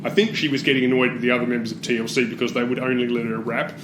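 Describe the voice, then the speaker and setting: A man's voice: medium pitch, little pitch movement, rapid-fire, background noise. A man co-hosting a podcast, talking in a wry, easy manner and chuckling often. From Australia. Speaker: podcast co-host. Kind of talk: casual chat. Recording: echoey room.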